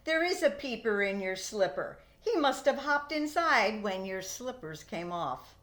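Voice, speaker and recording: A kindly, patient father who gently teases his little boy, as a woman reading a storybook voices him. His speech is slow and warm, rising and falling in a lively way, with little change from the reader's own voice. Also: medium pitch. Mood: gentle. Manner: calm, kindly, lightly teasing.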